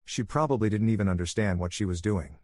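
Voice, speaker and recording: A man voicing a hurt but steady teenage girl who speaks quietly to her father in a spoken story. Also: on the low side, fast talker, no echo, studio quality, close to an everyday voice.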